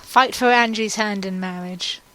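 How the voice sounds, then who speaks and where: Woman rambling through animated commentary. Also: medium pitch, moderate pace, rough recording. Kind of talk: casual chat.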